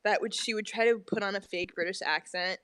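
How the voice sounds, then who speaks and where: A young woman from the United States telling stories in a casual group livestream, animated and swearing, mimicking what others said. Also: medium pitch, fairly quick, dry recording. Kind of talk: casual storytelling in a group chat.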